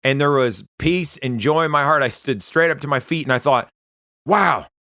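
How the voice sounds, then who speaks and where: A man giving an earnest, conversational personal testimony, often pausing and restarting as he tells his story. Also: mid-range voice, sharp tone, no echo, studio quality. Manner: earnest, conversational, halting retelling. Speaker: Christian testimony speaker.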